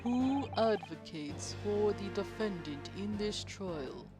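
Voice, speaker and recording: A woman voicing a formal courtroom judge who speaks in a stiff, measured way, with game music behind. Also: mid-range voice, expressive.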